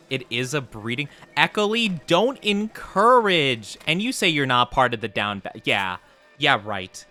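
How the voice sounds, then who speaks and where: This VTuber's medium-pitched voice swings widely in pitch, moving at a measured pace and sounding pushed and bright, with faint music behind. During live gameplay commentary he reads chat, answering teasing with playful, flustered denials.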